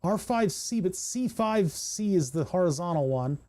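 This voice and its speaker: A high, mellow male voice with lively intonation moves at a moderate pace. The speaker streams himself soldering electronics kits, casually explaining what he's doing and muttering irritably as he looks for parts.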